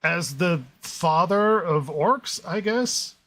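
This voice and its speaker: Animated man reviewing a show. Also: slow. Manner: animated, laughs often, drops pitch when stressing a point. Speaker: podcast co-host. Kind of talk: casual review chat.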